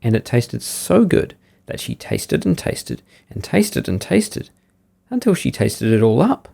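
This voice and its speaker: A man hosting a podcast, reading a bedtime story aloud in a lively, sing-song way. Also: mid-range voice, a little slow, creaky.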